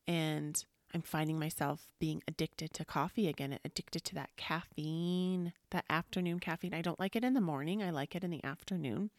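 A woman with a low, gravelly voice hosts a relaxed spiritual podcast, talking in a rambling, chatty way that drifts into soft near-whispers. The sound is close and dry, with no room around it. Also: no echo. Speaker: podcast host. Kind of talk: casual spiritual talk.

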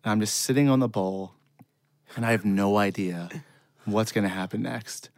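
A man's voice: lowish voice, moderate pace, darkish tone, no room sound, studio quality. A man telling a long, self-deprecating funny story in casual chat. He rambles and laughs often.

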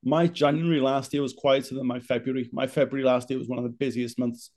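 Mellow-voiced man telling stories. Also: medium pitch, fast. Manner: swears freely, animated storyteller. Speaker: fitness coach, podcast co-host. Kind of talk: casual chat.

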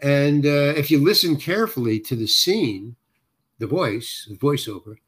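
A man's voice: medium pitch, lively intonation, a little slow, fairly bright tone, slightly rough. Rambling older man telling a story. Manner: rambling, self-correcting storyteller with frequent restarts. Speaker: guest actor. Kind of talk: anecdotal storytelling in conversation.

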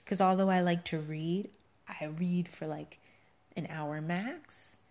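Female podcast co-host, chatty and opinionated, slightly low voice. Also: fairly even intonation, a little mellow. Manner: chatty, opinionated, quick to tease. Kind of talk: casual podcast chat.

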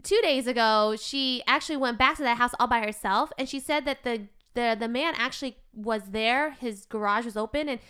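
Woman, podcast co-host, casual chat, upbeat storyteller, very clear tone. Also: on the high side, normal speed, few pauses, pushed and bright.

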